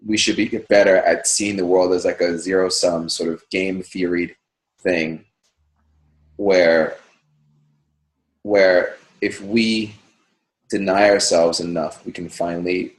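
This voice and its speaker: Deep-voiced man in a roomy echo. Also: fairly even intonation, unhurried, pauses often. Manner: thoughtful, hesitant with restarts. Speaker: conversation partner. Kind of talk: casual heartfelt conversation.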